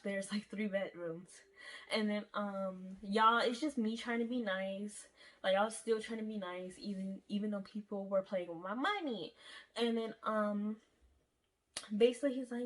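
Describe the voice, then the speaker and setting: A woman's voice: medium pitch, measured pace. A young woman casually telling a storytime to her viewers, chatty and profane, often calling them y'all.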